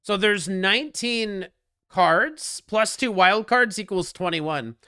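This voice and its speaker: A man streaming a strategy board game online, commenting casually, joking with chat and getting loud when frustrated. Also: high-pitched, animated, slow pace, clear, resonant tone, no echo, clean studio sound.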